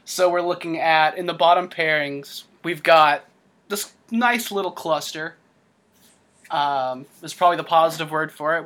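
A man's voice: on the high side, a bit bright. Analytical man hosting a sports podcast. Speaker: podcast host. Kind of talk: casual sports chat.

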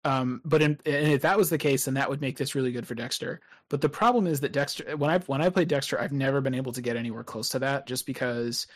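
A man co-hosting a relaxed podcast chat about a card game. He thinks out loud, circling back and restarting his sentences as he works through a point. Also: mid-range voice, fast talker, few pauses. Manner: thinks aloud with many restarts and hedges. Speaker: podcast co-host. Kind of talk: casual card game discussion.

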